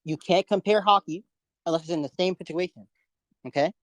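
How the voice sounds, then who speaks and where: A man's voice: sits high, a little fast, no room sound. A young man in a casual online debate, insistent and at times mumbling.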